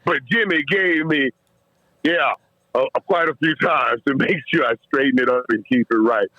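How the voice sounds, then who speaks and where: Excited storyteller man, muffled dry sound. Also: medium pitch, moderate pace, dry recording. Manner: animated, repeats and restarts words, laughs while telling stories. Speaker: guest, former football player. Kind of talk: emotional storytelling in a podcast interview.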